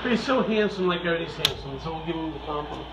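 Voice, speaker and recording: A man's voice: fairly high pitch, lively intonation, fast talker. A middle-aged man volunteering at a shelter, chatting playfully and joking about himself on a phone video tour. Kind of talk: casual live-stream tour chat. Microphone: handheld phone camera. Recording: phone video with clear background noise.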